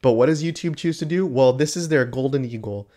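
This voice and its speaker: A man's voice: medium pitch, brisk, warm tone. A man ranting indignantly to the camera in a YouTube rant video, exasperated and emphatic.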